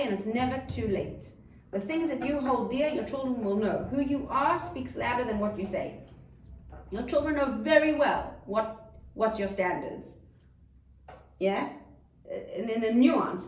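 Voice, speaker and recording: A woman's voice: on the high side, slight background noise. A woman giving an earnest talk on parenting to a group, recorded in an echoey room away from the mic. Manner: earnest, animated when acting out a child's outbursts. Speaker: parenting teacher. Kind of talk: lecture to a group. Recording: echoey room, mic at a distance, faint ambience.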